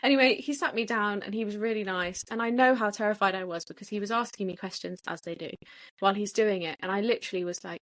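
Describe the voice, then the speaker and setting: A woman's voice: medium pitch, quick pace. Chatty woman telling a story. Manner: animated storyteller, acts out quotes. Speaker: podcast host. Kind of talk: casual chat.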